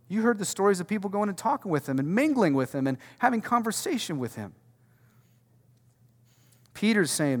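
A man's voice: sits high, big pitch swings, fairly quick. A male pastor preaching a sermon with emphatic rhetorical questions and casual slang. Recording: long reverb from a large hall.

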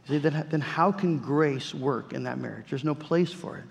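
A man's voice: medium pitch, a little fast, creaky, hardly any pauses. A man preaching a sermon as pastor, earnest, with repeated words and phrases. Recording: long church reverb.

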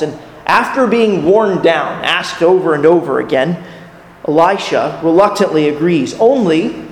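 A man's voice: high-pitched, darkish tone. A man preaching a sermon as a pastor, earnest in tone, putting rhetorical questions to his listeners. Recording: echoey hall with long reverb.

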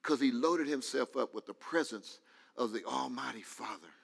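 A man preaching a fervent sermon as pastor, now and then rising to shouts. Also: medium pitch, a little slow, vocal fry, in a large hall.

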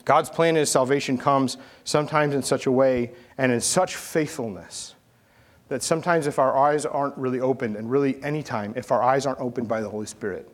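A male preacher in his thirties delivers a sermon in a mid-pitched voice. He tells his stories with lively swings, rising to loud calls and dropping to near-whispered asides. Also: fairly quick. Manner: animated storytelling, swings from shouting to hushed. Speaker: pastor.

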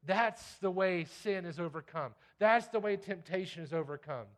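A man's voice: sits high, moderate pace. A pastor preaching a sermon with emphasis, often repeating key lines and checking in with his listeners. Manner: emphatic, repeats key lines, asks the congregation "You get that?".

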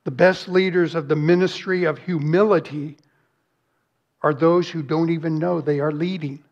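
A man's voice: a little high, steady tone, moderate pace, dull audio. A man preaching a sermon as pastor, earnest and emphatic, with rhetorical questions and lists.

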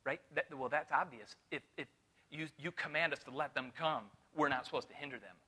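Male Bible teacher, sermon delivery, higher than usual voice, animated questioning style. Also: fairly quick, slightly rough. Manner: animated, full of rhetorical questions. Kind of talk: expository sermon to a room. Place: room with a live audience.

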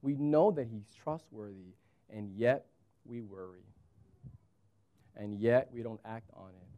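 A man in his thirties, a pastor preaching a sermon with animated storytelling and wide swings in pitch. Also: a little slow, highs cut off.

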